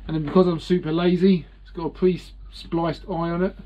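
On his boat, a British-accented man films a casual vlog about repairs, wandering off topic and teasing himself as he addresses viewers. His voice is a little high with little pitch movement, at a moderate pace. The background is noisy.

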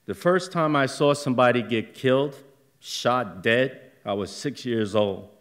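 A middle-aged man shares a personal story live in a theater, speaking slowly and haltingly with occasional bursts of energy. His voice sits at medium pitch with a fairly bright tone.

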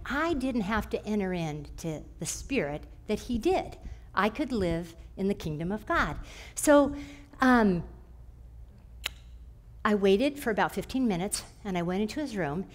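A middle-aged woman teaching a church class through personal stories, animated, and often clearing her throat. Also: mid-range voice.

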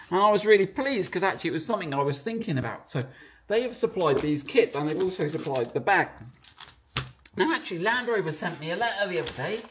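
A man's voice: high-pitched, animated, brisk, slight background noise. A man running a car business, explaining in a chatty, rambling, playful way. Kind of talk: casual explainer video.

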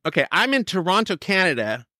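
A man's voice: sits high, fairly quick, no echo, clean studio sound. Man telling his recovery story. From Sacramento, California. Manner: storytelling, animated, quoting others. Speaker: recovery speaker.

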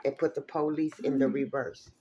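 A woman giving a casual tarot reading, animated and exclamatory, with plenty of salty, profane asides. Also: low-pitched, normal speed, a little hiss or hum. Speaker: tarot reader.

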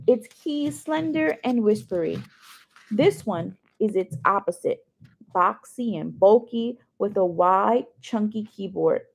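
A woman's voice: medium pitch, breathy edge. A woman reading a novel chapter aloud in first person, adding chatty asides to her listeners. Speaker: reader.

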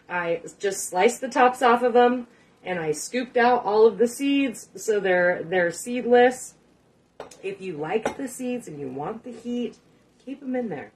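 A woman's voice: medium pitch, recorded from a distance. A woman hosting a home cooking vlog who chats casually, rambles, and swears in a self-mocking way. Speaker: cooking channel host.

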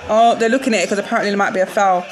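A young woman reacting live to a football match, excitable and quick to shriek and laugh. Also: medium pitch. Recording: loud crowd noise behind. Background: crowd noise from the match broadcast.

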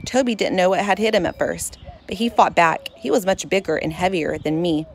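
A woman narrating a children's storybook in first person, expressive and lively. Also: lowish voice, fairly quick, husky.

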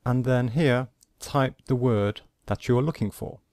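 A man teaching a pronunciation lesson over a screen recording, explaining slowly and step by step. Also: mid-range voice, a little mellow, dry recording, studio quality. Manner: slow, deliberate, explaining step by step. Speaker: language teacher.

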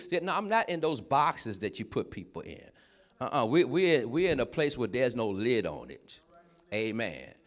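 A man preaching a sermon in a lively, conversational way, breaking in with short affirmations and laughing as he talks. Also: medium pitch, normal speed. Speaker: pastor.

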